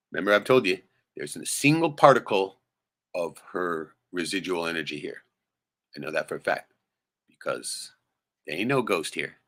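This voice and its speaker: Low-voiced man ranting, profane and heated. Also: fairly bright tone. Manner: profane, rambling, heated venting; peppers speech with "right?". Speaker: livestream host. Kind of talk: casual livestream rant.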